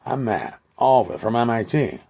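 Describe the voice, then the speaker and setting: A man's voice: medium pitch, animated, normal speed, warm tone. A man voicing a mocking, profane male gang member in an imagined exchange. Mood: taunting. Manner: taunting, profane.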